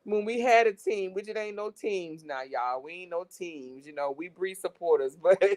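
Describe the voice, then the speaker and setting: A woman's voice: fairly low pitch, moderate pace. A woman giving casual commentary to her viewers, breaking into fits of laughter. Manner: laughing fits, slangy, addresses viewers as y'all. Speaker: commentary vlogger.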